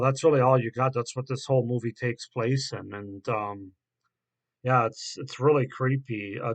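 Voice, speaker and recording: A man reviewing a horror film in a casual, halting way, with many fillers and restarts. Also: mid-range voice, fairly bright tone.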